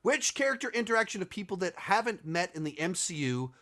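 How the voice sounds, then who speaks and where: A man hosts a loose commentary video, answering viewer questions. His voice sits a little high. He thinks aloud, restarts his sentences often and turns sarcastic at times. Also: sing-song, brisk, a bit bright. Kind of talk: casual commentary.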